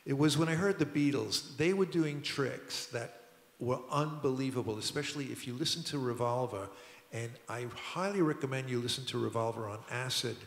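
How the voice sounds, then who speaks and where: A man's voice: mid-range voice, normal speed, noisy background. An older man, telling rambling studio anecdotes at a public talk, with restarts and chuckles. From Brooklyn, New York. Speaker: record producer guest. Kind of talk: storytelling on a public talk stage. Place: museum auditorium. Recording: roomy hall with long reverb.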